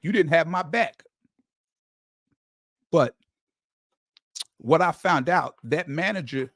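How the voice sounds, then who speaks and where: A man's voice: on the high side, a bit bright, dry recording, studio quality. A man hosting a sports channel, talking in a casual, emphatic monologue with frequent stammering restarts and repeated words. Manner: emphatic storyteller, rising to heated emphasis. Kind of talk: casual fan commentary monologue.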